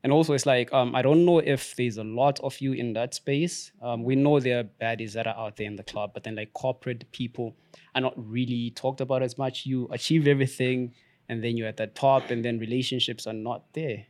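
A man's voice: medium pitch, steady tone, fairly quick, darkish tone. A man co-hosting a podcast, chatting casually and rambling with lots of slang. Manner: slangy, says bro a lot, rambling. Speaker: podcast co-host.

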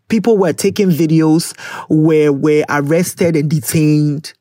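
Tired, chatty podcast host. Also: male voice, fairly high pitch, a little mellow, no echo, studio quality. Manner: chatty and candid, with laughs and emphatic asides. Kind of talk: casual podcast chat.

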